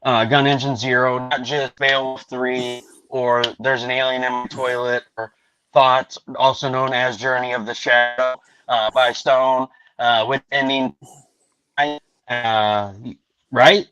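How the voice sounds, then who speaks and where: A male host on a casual livestream, rattling off thanks and plugs at a brisk clip. His voice is mid-pitched and the sound is dry and close, with no room around it. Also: level tone, pushed and bright, clean tone, dry recording, lo-fi sound, faint music behind. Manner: hurried, thanking backers and plugging projects. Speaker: podcast host.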